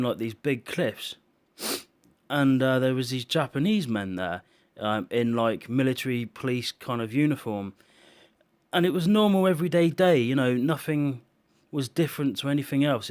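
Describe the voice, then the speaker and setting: A man speaks in a solemn, emotional tone as he gives a personal testimony. His delivery is halting, full of restarts and filler words, and his voice sits at an ordinary middle pitch. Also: darkish tone. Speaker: video maker sharing visions. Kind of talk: earnest personal testimony monologue.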